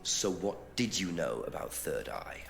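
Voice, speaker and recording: A man's voice: deep voice, very animated, a little slow, creaky, faint music behind, heavily acted. A man playing a polite, persistent male detective who questions suspects in a live-action game. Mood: suspicious.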